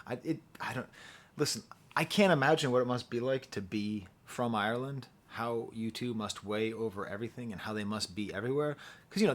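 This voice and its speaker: A man talks through a favorite song in a loose, conversational review, his voice sitting in a middle range. He jokes about himself and laughs easily. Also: medium pitch. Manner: chatty, self-deprecating, laughs often. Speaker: music reviewer. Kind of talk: casual album review.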